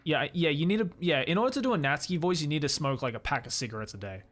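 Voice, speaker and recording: A man's voice: fairly high pitch, expressive, very fast, fairly bright tone, soft background music. Chatty male streamer with laughs. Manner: chatty, laughs often, lots of fillers. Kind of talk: casual chat.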